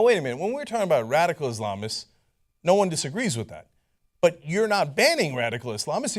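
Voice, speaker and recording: A man hosting political commentary in a sarcastic, incredulous, animated way. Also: high-pitched.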